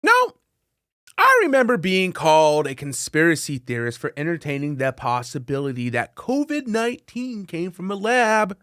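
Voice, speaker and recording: High, animated man commentating. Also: normal speed, clean tone, no room sound, studio quality. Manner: profane, laughs often, reads headlines aloud. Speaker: podcast host. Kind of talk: casual political commentary.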